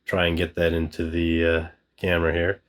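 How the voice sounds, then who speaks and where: A man's voice: deep voice, monotone, normal speed. A man hosting a gardening channel, chatting upbeat and casual as he shows off his hydroponic harvest, with a joking, self-deprecating manner. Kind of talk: casual hands-on demonstration.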